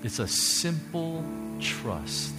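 A man's voice: a little high, very animated, very slow. Man preaching over worship music. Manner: passionate preaching, swings from loud to hushed. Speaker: pastor. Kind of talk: sermon with altar call. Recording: music playing under the preaching.

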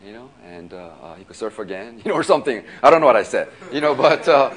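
A male pastor preaching in a casual, storytelling way, laughing often and filling his talk with "you know" and quick restarts. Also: mid-range voice, big pitch swings, breathy edge. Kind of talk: sermon storytelling.

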